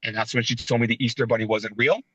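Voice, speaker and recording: A man in his thirties co-hosting a casual wrestling podcast, telling animated, sentimental stories. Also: medium pitch, quick pace, husky, no echo, dull audio. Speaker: podcast co-host.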